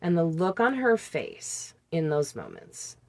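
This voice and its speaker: Low-voiced woman recalling her past. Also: wildly swooping pitch, darkish tone. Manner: candid, halting recollection with imitated sounds. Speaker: podcast guest. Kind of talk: personal storytelling in conversation.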